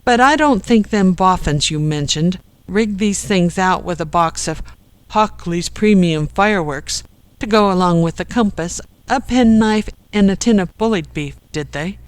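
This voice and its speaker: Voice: medium pitch, slow, clear, resonant tone, dry recording, natural voice, rough recording. A narrator voicing Joel, a sarcastic man who mocks his companions. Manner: sarcastic, mocking. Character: sarcastic man, quick to mock.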